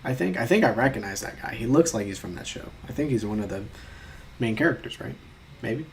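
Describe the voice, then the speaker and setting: A man's voice: medium pitch, animated, fairly quick, slight background noise. A young man chatting casually while taking online quizzes, reading questions aloud and rambling in mock-outraged asides, sometimes muttering.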